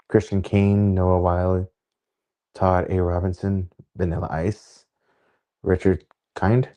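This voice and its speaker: A man hosting a casual streamed interview, relaxed and rambling, laughing often as he talks. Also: sits low. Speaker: interview host. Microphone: remote stream call.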